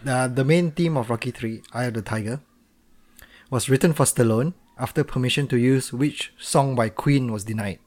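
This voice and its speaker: Guy on a podcast, teasing, quick banter, middle pitch. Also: a little mellow. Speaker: podcast co-host. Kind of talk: casual chat.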